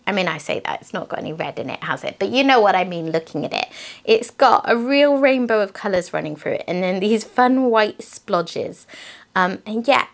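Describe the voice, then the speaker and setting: A woman chats through her collection in a relaxed show-and-tell. She rambles a little and keeps asking the viewer to agree with her. Her pitch is mid-range but swings up and down freely. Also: vocal fry. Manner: chatty, rambling, with tag questions. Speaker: craft vlogger.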